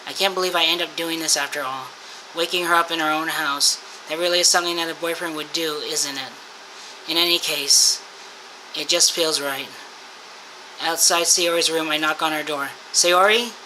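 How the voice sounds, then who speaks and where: A woman's voice: sits low, slight background noise. A woman hosting a gaming channel, reading the game's text aloud in a let's-play and breaking off into shaken swearing. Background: loud game music.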